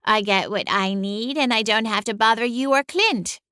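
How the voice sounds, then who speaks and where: A woman's voice: a little high, normal speed, pushed and bright, clear, resonant tone, dry recording, clean studio sound, pitched above the performer's own voice. A woman voicing a smug, sassy female cat familiar in an audiobook, with a drawling, sing-song, condescending delivery. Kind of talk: audiobook character voice.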